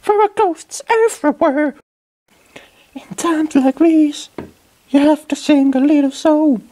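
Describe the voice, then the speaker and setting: A woman's voice: high voice, slow, dark tone. Woman voicing a goofy, spooked little dragon. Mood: scared. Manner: sing-song, goofy, playfully dramatic. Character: playful young dragon vlogger, easily spooked.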